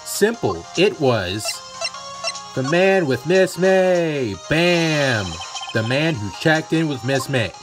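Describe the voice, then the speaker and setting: Punchy young lawyer guy, lively ups and downs, a man voicing him, music behind. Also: fairly high pitch, takes it slowly. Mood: pressing. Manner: punchy, exclaiming. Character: brash young male defense lawyer.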